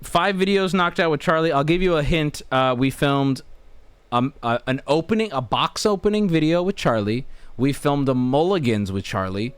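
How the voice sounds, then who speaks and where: A man's voice: fairly high pitch, animated, moderate pace, clear, resonant tone, dry recording. Laid-back American man rambling on stream. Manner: rambling, laid-back, often restarts and laughs mid-sentence. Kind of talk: casual stream chat.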